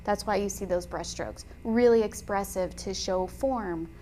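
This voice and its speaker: A woman teaching watercolor painting in a chatty, enthusiastic way, often pausing with "um" while she talks. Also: mid-range voice, a little mellow, a little hiss or hum. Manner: chatty and enthusiastic, frequent "um" fillers. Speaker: watercolor instructor. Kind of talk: casual tutorial chat while painting.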